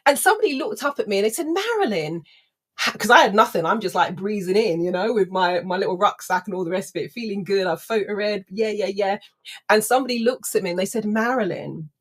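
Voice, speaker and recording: Woman trainer, animated storyteller, mid-pitched, plays out the voices in her tale. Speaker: personal development trainer. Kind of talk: storytelling anecdote to an audience.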